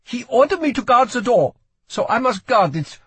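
A man's voice: very high voice, sing-song, normal speed, husky, no room sound, pitched above the performer's own voice, exaggerated voice. A man doing a desperate teenage boy guard. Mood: urgent. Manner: urgent, pleading.

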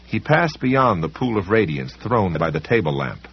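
Husky lively-pitched male narrator. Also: normal speed, few pauses. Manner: dramatic, varied storytelling delivery. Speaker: audiobook narrator. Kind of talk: scripted narration. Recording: dull lo-fi recording.

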